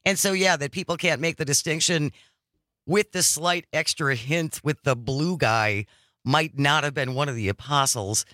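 A man's voice: fairly high pitch, moderate pace, sharp tone, no echo, clean studio sound. A man hosting a radio talk show, chatting enthusiastically with a co-host and callers. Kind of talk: casual radio chat.

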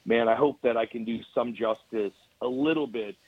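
A man with a Canadian accent, a guest radio host talking earnestly in casual chat, with halting restarts. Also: mid-range voice, phone-quality sound.

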